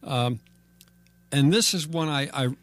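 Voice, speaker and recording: A man's voice: fairly high pitch, unhurried, fairly bright tone, no room sound. A man hosting a radio talk show, chatting casually with a guest and asking wry questions. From Ireland. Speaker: radio host.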